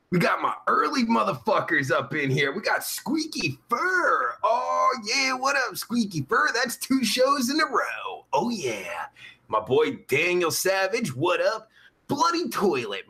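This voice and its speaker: A man's voice: sharp tone, full character voice. A man playing a crude sleazy pimp with a sore throat. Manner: vulgar, rambling, swings pitch up and down. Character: crude sleazy adult male pimp, rude and boastful. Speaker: live-stream comedy host in character. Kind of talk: improvised live-chat comedy rant.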